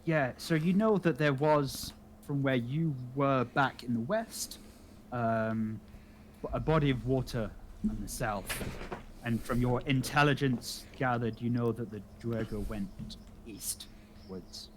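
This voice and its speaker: A man running a tabletop game as dungeon master. He speaks slowly and haltingly, with many fillers, at an even middle pitch. A faint noise sits under his voice.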